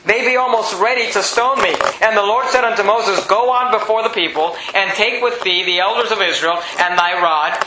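A man preaching a sermon, animated and rising to near shouts on key points, reading scripture in a lower, slower voice. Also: background noise. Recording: echoey room with faint ambience.

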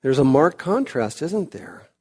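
A man preaching an expository sermon, slow and emphatic, building to loud, high peaks and then dropping back quiet. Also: sing-song, slightly rough.

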